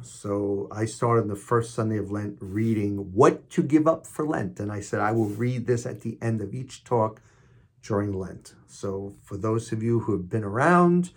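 Husky older New York man, emphatic. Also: lowish voice. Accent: New York (Queens). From Queens, New York. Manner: emphatic, punching key words in readings; chatty and self-deprecating in asides. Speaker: podcast host. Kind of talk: inspirational podcast talk with readings.

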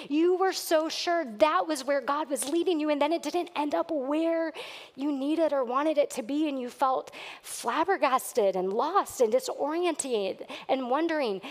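A woman's voice: sits high, big-room sound. A woman pastor preaching a sermon to her church, earnest and at times emphatic. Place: church sanctuary.

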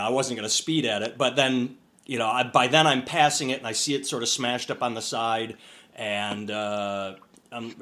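Male podcast co-host, mid-range voice, loose rambling storyteller. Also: medium pitch. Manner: rambling, animated storyteller with profanity and restarts. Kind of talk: casual storytelling chat. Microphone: over a phone-computer call.

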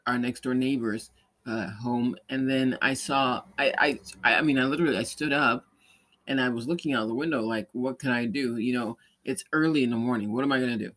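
A man's voice: medium pitch, fairly bright tone. A man hosting a podcast, telling a rambling story in casual chat, with many restarts and light laughs. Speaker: podcast host; parent or caregiver.

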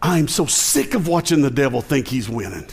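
A man's voice: medium pitch, very animated, fairly quick, husky. A male pastor with a Southern American accent, preaching a conversational sermon with jokes and emphatic rising passages.

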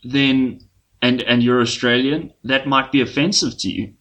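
A man's voice: medium pitch, fairly even intonation, normal speed, fairly bright tone. A man co-hosting a casual podcast, talking in an easygoing, rambling way with frequent restarts. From South Africa. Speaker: podcast co-host.

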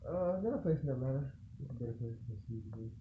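Fast-talking man on a tinny line. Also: mid-range voice, expressive. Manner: rambling, hesitant explanations. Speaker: guest. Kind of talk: casual chat. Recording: tinny phone-like line with faint noise.

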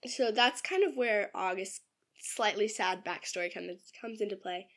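A woman's voice: medium pitch, normal speed. Chatty giggly young woman. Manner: chatty, giggly, filler-heavy. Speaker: podcast co-host and writer. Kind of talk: casual chat about her novel.

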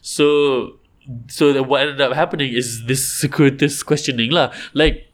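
A man's voice: medium pitch, fairly even intonation, a little slow. A man, chatting casually and animatedly as a podcast co-host, often restarting his sentences. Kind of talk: casual chat.

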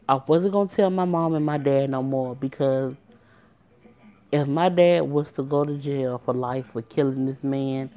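A woman telling a personal story to her viewers in a casual, emotional way, talking straight to them. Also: sits low. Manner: emotional, conversational, addresses viewers directly. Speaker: storyteller vlogger. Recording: dull lo-fi recording.

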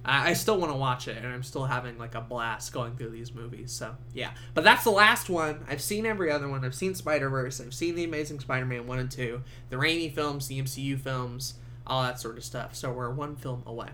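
A man's voice: mid-range voice, fairly quick, a little hiss or hum. A young man hosting a podcast, giving a casual movie review full of swearing and laughter. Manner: swearing, laughing, animated storytelling. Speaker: podcast host.

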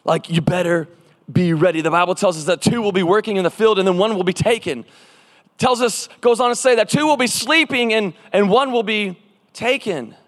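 A man's voice: high-pitched, brisk, a bit bright. A man preaching a sermon, telling a personal story and leading call-and-response with his congregation. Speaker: pastor. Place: large church hall. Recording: reverberant church hall.

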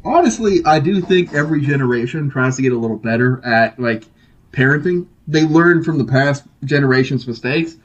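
A man's voice: medium pitch, lively intonation, brisk, muffled recording, a little hiss or hum. A man co-hosting a casual podcast chat, rambling with lots of filler words and swearing, a little drunk. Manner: rambling, heavy filler words, swears a lot, laughs often. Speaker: podcast co-host.

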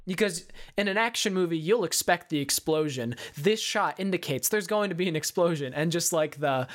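A man in relaxed, casual conversation, describing movie scenes in detail. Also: fairly high pitch, moderate pace, hardly any pauses.

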